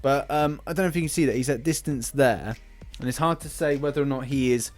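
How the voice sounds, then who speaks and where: A man's voice: mid-range voice, fast, faint music behind. A British man hosting a game channel, giving casual, rambling commentary with many restarts. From Britain. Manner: rambling, lots of fillers and restarts.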